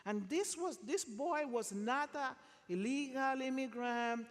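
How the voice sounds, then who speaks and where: A woman telling a story from a chapel pulpit, acting out the dialogue as she goes. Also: slow pace. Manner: storytelling, acts out dialogue with lively swings in pitch. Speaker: chapel speaker. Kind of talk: testimony sermon. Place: university chapel. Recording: long reverb of a large hall.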